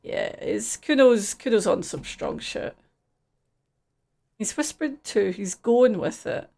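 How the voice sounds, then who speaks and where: A woman's voice: on the high side, lively intonation, takes it slowly, creaky, dark tone. A woman casually reading game text aloud and chatting through a live gameplay stream, swearing freely.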